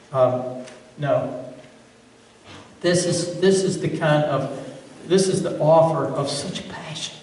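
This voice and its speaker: Pastor guy preaching, kinda high voice, booming church echo, mic set back from him. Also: a little mellow. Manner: earnest, repeats words when stressing a point. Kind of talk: sermon. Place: church sanctuary. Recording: roomy church sound from far off.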